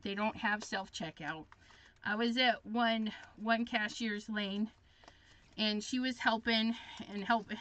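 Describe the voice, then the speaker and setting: A woman's voice: on the high side, bright, forceful tone. A middle-aged woman hosting a crafting livestream, chatting casually and chipperly as she works and tells stories. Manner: chatty, chipper storyteller reading viewer comments. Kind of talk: casual chat while crafting.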